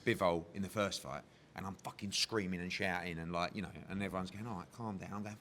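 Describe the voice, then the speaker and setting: A man who works as a boxing promoter, talking candidly in a casual interview, animated and swearing freely as he tells stories. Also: low-pitched, fast, hardly any pauses, a little hiss or hum. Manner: animated, heavy swearing, emotional storytelling.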